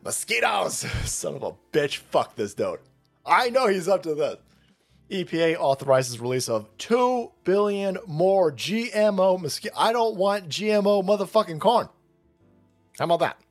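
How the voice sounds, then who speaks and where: A man's voice: sits high, very animated, unhurried, faint music behind. A man with a sarcastic, mocking, profane delivery, hosting a ranting commentary show. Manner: sarcastic, mocking, puts on voices of opponents. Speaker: political commentary host.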